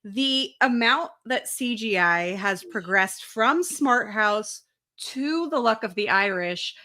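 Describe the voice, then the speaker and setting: A young woman with a bright, fairly high voice, chatting casually as a podcast co-host. She is blunt and sweary, and her rants mock what she is reviewing. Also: lively intonation, slow pace. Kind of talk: casual chat.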